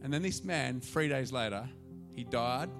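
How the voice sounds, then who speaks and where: A man preaching a sermon as pastor, telling a story and swinging from hushed asides to loud, excited calls. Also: mid-range voice, measured pace, vocal fry, music in the background.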